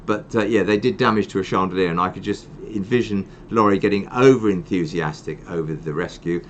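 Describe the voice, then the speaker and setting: An older man hosts a casual live stream, telling long rambling stories and teasing himself. His voice sits on the low side. He speaks with easy, self-mocking humour. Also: steady tone, quick pace, fairly bright tone, slight background noise. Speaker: charity host.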